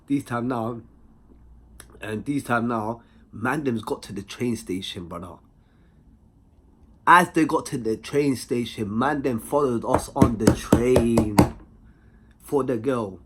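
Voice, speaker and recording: A young man with a London accent telling a personal story in a slangy, animated way, full of tag questions. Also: medium pitch, slow, pauses often, slightly rough. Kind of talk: casual anecdote.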